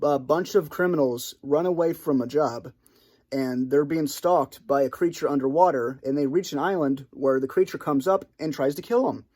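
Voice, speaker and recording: A man with a fairly high, darkish voice speaks at normal speed in an unplanned monologue for his channel. He's halting and rambling, often starting over, and self-conscious about seeming awkward.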